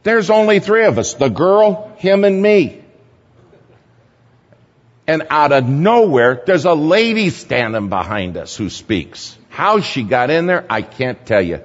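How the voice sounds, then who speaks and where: A man speaking at a church gathering, telling a sermon story in a lively anecdotal way and chuckling at his own tale. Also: a little high, a little slow. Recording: dull, echoey hall recording.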